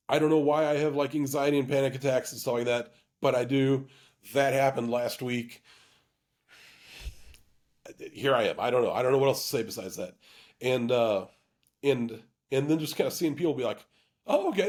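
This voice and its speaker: A man's voice: medium pitch, darkish tone. A man hosting his own channel, telling a personal story with candor. He often stops and restarts his sentences and leans on fillers. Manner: halting, full of restarts and fillers; earnest and emotionally open. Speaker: YouTube channel host.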